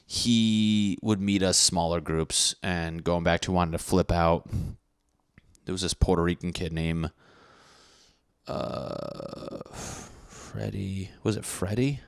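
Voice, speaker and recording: A man's voice: deep voice, takes it slowly, creaky, long pauses, clean tone. A young man hosting a podcast, telling a profane, rambling, self-mocking story in a casual monologue. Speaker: podcast host.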